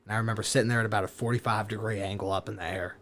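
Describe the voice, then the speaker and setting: A man, a podcast guest, telling a story in a casual chat, animated, swearing and laughing as he goes. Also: fairly low pitch, rapid-fire. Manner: animated, profane, laughing through his story.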